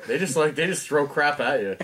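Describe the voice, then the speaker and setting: A man's voice: fairly high pitch, lively intonation, fairly quick, fairly bright tone. A man co-hosting a beer review, joking around and swearing freely. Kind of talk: casual chat. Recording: noisy home recording.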